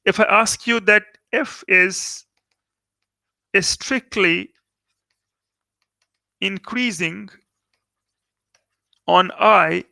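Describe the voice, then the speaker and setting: A man's voice: sits high, gravelly, bright, forceful tone, no echo. A man with an Indian English accent teaching calculus in a recorded lecture, explaining step by step and repeating key words for emphasis. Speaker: maths teacher.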